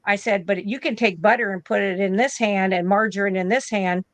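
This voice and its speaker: Her voice is medium-pitched with fairly even intonation and a fairly quick pace, recorded without echo. She's an American nurse in her fifties, a guest being interviewed, who casually tells a story while voicing both parties in each exchange.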